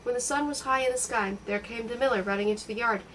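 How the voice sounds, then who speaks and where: A woman reading a novel aloud in a steady, expressive storytelling voice. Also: on the high side, fast talker, far from the mic, a little hiss or hum, low-quality recording. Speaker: audiobook reader.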